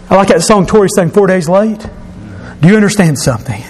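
A pastor preaching a sermon to his congregation, emphatic and rising to shouts at his key points. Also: high-pitched, expressive, a little fast. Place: church sanctuary. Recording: long reverb of a church hall.

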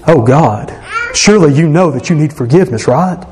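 A man's voice: fairly high pitch, lively intonation, normal speed, a little mellow. A pastor, a man, delivers an emphatic sermon in a slightly raised voice. He speaks earnestly and conversationally, with frequent restarts and self-corrections.

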